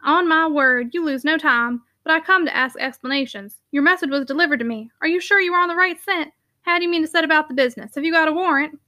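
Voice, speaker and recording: A woman playing a brisk old rector. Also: high voice, sharp tone, dry recording, clean studio sound. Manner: brisk, commanding, quick questions. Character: brisk, nimble older male rector.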